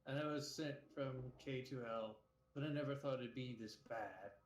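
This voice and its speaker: A man's voice: mid-range voice, normal speed, slight background noise, close to an everyday voice. A man voicing a stern male space police officer while reading a manga aloud, with a grave, matter-of-fact delivery. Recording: echoey room.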